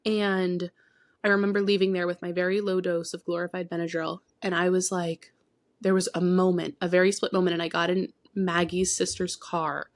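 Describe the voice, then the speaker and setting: Candid low-voiced woman podcast host. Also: no room sound, clean studio sound. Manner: frank and heartfelt, shifting between emphatic bursts and hushed near-whispers; personal storytelling with many asides.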